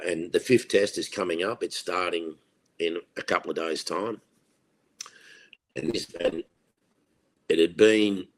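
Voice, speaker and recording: In a podcast interview, an Australian former cricketer in his sixties tells lively anecdotes in a deep voice. He acts out the voices of the people he quotes.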